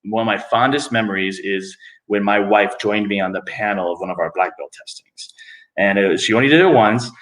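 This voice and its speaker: A middle-aged man, a guest on a podcast interview, telling stories in a relaxed, animated way and often putting on higher voices when he quotes people. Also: fairly quick. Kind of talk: casual storytelling in a podcast interview. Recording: echoey room.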